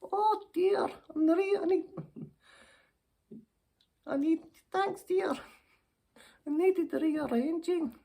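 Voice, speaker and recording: A woman voicing a chatty, giddy Scottish woman puppet in her sixties, who speaks in a high, fluttery voice and calls everyone dear in a ventriloquist act. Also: drawn-out words, gravelly, long pauses, dark tone, heavily acted. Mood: giddy, excited. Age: 60s.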